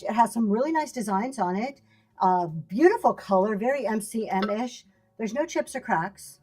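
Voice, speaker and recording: A chatty middle-aged woman gives a casual livestream lesson on selling. Her voice sits a little high, and she laughs often and greets viewers by name. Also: darkish tone. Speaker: live seller teaching selling.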